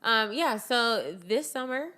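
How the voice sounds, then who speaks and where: A young woman co-hosting a podcast with her husband, telling animated stories in casual chat and laughing often. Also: a little high, slow pace, smooth. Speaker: podcast co-host.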